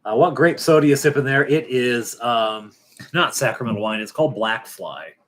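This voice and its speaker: A middle-aged man hosting a casual late-night livestream, rambling and halting with many fillers and restarts, dropping wry, joking asides. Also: mid-range voice, animated, a bit bright. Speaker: livestream host.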